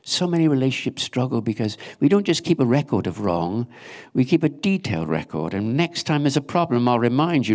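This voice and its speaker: A man's voice: medium pitch, sing-song, a little fast. A man preaching a sermon, telling a story in an earnest way and voicing the questions he imagines his listeners asking.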